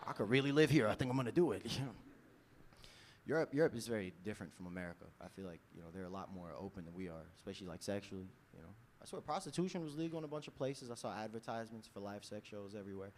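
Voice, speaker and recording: Lively young New man doing stand-up. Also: lowish voice, racing, slight background noise. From New York. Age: 20s. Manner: lively, loose delivery, laughs at own jokes, frequent "you know?". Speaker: stand-up comedian. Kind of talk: stand-up set. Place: comedy club stage.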